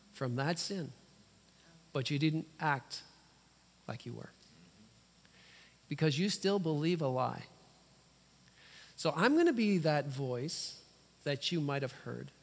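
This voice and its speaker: A man preaching a sermon as a guest preacher, animated and fond of rhetorical questions and playful asides. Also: a little high. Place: church sanctuary. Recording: long church hall reverb.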